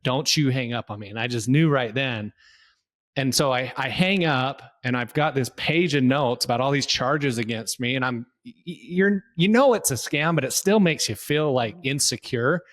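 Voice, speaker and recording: Male podcast co-host, animated storyteller, mid pitch. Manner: animated storyteller, acts out phone callers. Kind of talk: casual conversational podcast chat.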